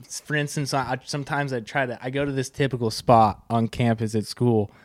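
A young man in his student years vents in casual podcast chat, opinionated and swearing freely. His voice sits at a middle pitch, recorded dry and close. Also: flat delivery, fairly quick, dry recording. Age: young adult. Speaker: podcast co-host, college student.

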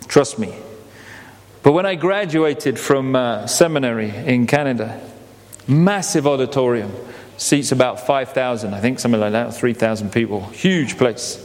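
A man preaching a sermon as a pastor, animated, asking rhetorical questions and repeating words as he goes. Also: medium pitch, in a large hall.

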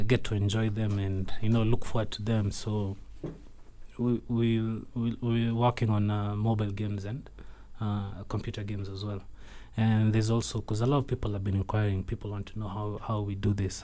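A man, an animation studio founder speaking as a guest in a radio studio, halting and thoughtful with many fillers. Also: lowish voice, dark tone. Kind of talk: radio interview.

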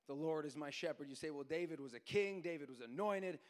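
Brief: male preacher, sermon in a church hall, long reverb, rises from soft retelling to sing-song shouting. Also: fairly high pitch, brisk. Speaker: pastor. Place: church sanctuary.

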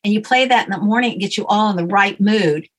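A woman's voice: medium pitch, fast talker, fairly bright tone, poor audio. A woman guest in an interview, confidently explaining a method step by step. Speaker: guest coach. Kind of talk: casual interview.

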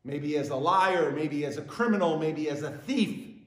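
A man preaching a sermon with emphatic delivery, repeating key phrases and swelling louder on them. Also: a little high, normal speed, reverberant. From western New York. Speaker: pastor.

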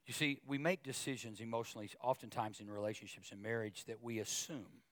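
A male pastor preaching a sermon, talking conversationally with asides and repeated words, then rising in pitch and volume as he gets emotional. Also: steady tone, fairly quick, dry recording. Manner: emotional, grows louder and higher when preaching.

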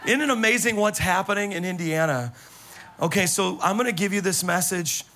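A man preaching as a pastor, telling stories to his congregation in an animated, exclamatory way. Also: high voice, brisk, slight background noise. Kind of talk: sermon with storytelling. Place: church service.

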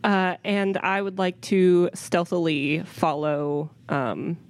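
Woman player, low-ish voice, measured, dry close sound. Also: steady tone, dry recording. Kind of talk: tabletop role-play.

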